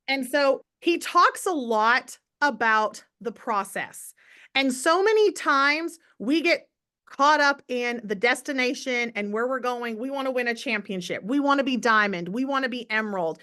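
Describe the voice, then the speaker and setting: Upbeat bright-voiced woman motivating her team. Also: on the high side, unhurried. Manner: upbeat and enthusiastic, chatting to viewers in comments; emphatic repetition for motivation. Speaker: network marketing team leader. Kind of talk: live motivational morning call.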